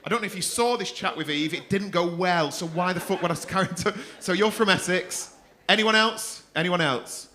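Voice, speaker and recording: Compere, male, high and bright voice, crude crowd work on a club stage. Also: moderate pace. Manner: swearing, teasing audience members.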